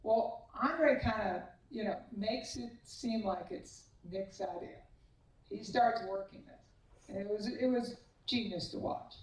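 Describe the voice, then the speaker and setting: A woman giving a banquet acceptance speech, telling animated, self-deprecating anecdotes as a tennis coach. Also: mid-range voice, slow. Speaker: hall of fame inductee, tennis coach. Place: large banquet hall. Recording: echoey hall, voice far from the mic.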